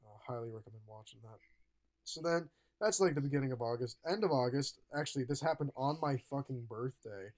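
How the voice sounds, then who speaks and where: A young man in casual podcast chat, rambling with lots of profanity. His voice sits at a middle pitch and jumps up when he gets worked up. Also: brisk, darkish tone. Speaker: podcast co-host.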